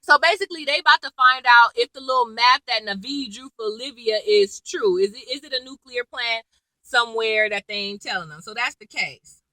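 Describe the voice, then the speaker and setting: A woman with a very bright, sharp voice chats through a recap of a TV episode. She tells it like gossip, full of asides. The sound is dry and close. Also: on the high side, brisk, no echo, poor audio. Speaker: TV episode reviewer. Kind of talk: casual recap vlog.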